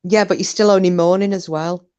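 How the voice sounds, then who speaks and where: Woman host, lower voice, chatty, laughing, salty-tongued. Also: fairly even intonation, fairly quick, dark tone, muffled recording. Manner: chatty, laughs often, swears casually. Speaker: live stream host. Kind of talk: casual chat reading viewer comments. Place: home, windy day.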